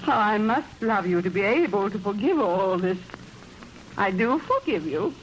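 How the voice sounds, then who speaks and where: An actress playing a dramatic, wounded actress wife in a 1940s radio play, theatrical and indignant. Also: female voice, mid-range voice, animated, a little slow, lightly acted, poor audio. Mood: tender. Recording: old radio broadcast with faint hiss.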